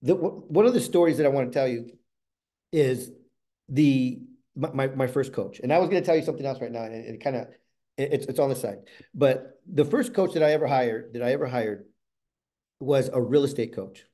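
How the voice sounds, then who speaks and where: A middle-aged man giving a motivational storytelling talk, animated and swinging from loud bursts to hushed asides. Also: medium pitch, fairly quick. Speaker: motivational speaker.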